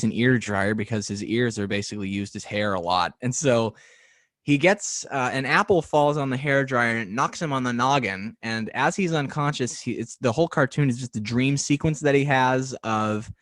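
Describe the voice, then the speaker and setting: A man's voice: mid-range voice, fairly bright tone, dry recording. A man hosting a podcast interview over a video call, telling stories in a rambling way with lots of ums and small laughs. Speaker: podcast host. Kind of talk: casual interview chat.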